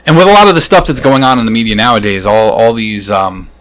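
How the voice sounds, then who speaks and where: A man's voice: lowish voice, fast talker, a bit bright. A man hosting a casual podcast, asking questions in a loose, hesitant way. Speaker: podcast host.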